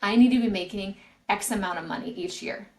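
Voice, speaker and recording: A woman's voice: mid-range voice, brisk, darkish tone, poor audio. A woman career coach, a podcast guest, explaining her advice earnestly and often restarting phrases. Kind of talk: podcast interview answers.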